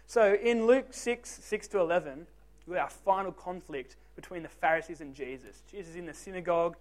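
Here a young man with a high, brisk voice leads a relaxed youth group session. Self-deprecating humor mixes with direct questions aimed at the teenagers.

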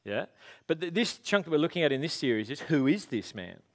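Male pastor, casual rambling sermon delivery, light self-mocking humour, voice on the high side. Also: big pitch swings, fairly quick. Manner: chatty, rambling, self-deprecating asides. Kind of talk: conversational sermon.

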